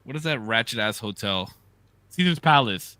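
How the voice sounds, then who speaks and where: A man co-hosting a podcast, telling animated, profane stories in casual chat. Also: medium pitch, normal speed, clear, resonant tone, no room sound. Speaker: podcast co-host.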